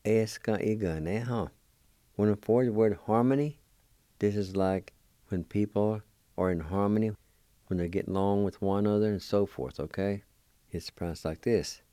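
A man with a low, mellow voice gives a language lesson, taking his time over every syllable. He spells and sounds out each word with patient, encouraging care. The sound is close and dry. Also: smooth, dry recording. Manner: slow, deliberate syllable-by-syllable spelling and pronouncing. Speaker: language teacher.

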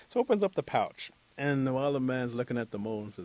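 A man telling a folk tale aloud, animated, acting out the characters' lines. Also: medium pitch, quick pace, hardly any pauses, slight background noise. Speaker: storyteller. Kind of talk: oral storytelling.

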